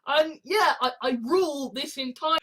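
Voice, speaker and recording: A man's voice: extremely high pitch, normal speed, a bit bright. A man talking in a casual vlog monologue, stuttering and repeating himself often and swearing freely. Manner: stammering, repeating "I" over and over. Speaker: video essayist.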